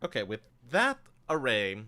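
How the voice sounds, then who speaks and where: A man's voice: medium pitch, huge pitch swings, a little slow, pushed and bright. A man narrating a tabletop game as game master, loose and full of fillers.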